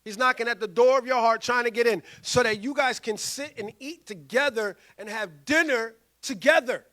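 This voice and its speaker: A male pastor, preaching a sermon in an animated way and acting out quoted voices. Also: very high voice, normal speed. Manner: animated, acts out quoted voices, loud bursts.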